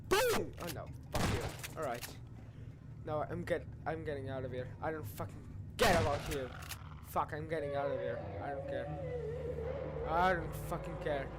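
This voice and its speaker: A young man playing a horror game on his channel, swearing loudly and yelling in panic. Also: fairly high pitch, normal speed. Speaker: gaming channel host. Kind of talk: horror game let's play. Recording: noisy with game gunfire behind.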